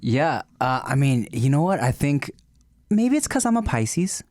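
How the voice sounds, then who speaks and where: A man's voice: medium pitch, sing-song, unhurried, a little mellow, no room sound, clean studio sound. A man co-hosting a podcast in casual chat, playful. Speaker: podcast co-host.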